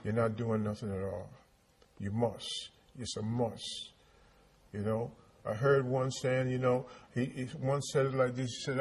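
A man's voice: medium pitch, fairly even intonation, normal speed, slightly rough. A man preaching a sermon, repeating his points and asking the congregation rhetorical questions. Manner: repetitive call-and-response preaching with rhetorical questions.

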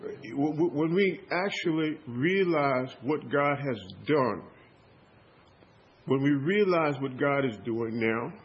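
A man's voice: a little high, takes it slowly, husky, highs cut off. A pastor preaching a sermon with call-and-response, repeating and restarting his words as he builds up.

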